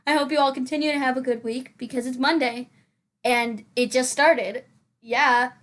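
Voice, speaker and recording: Young woman, high voice, rambling casual chat, giggly, filler-heavy, game video voice-over. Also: steady tone, moderate pace, a bit bright. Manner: rambling, giggly, lots of "like" and restarts. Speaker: Sims building channel host.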